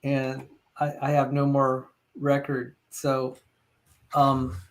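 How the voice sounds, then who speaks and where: A man's voice: mid-range voice, monotone, takes it slowly, slight background noise. A man hosting a casual online chat, telling stories animatedly and quoting other people. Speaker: channel host.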